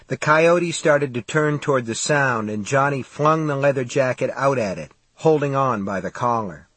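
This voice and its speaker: A man narrating an audiobook in a steady, measured storytelling voice. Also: mid-range voice, slightly rough, no echo.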